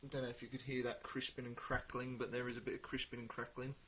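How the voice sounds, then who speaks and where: A man's voice: mid-range voice, flat delivery, quick pace, fairly bright tone, a little hiss or hum. Chatty man reviewing beer. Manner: chatty, hesitant when searching for words. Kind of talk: casual product review.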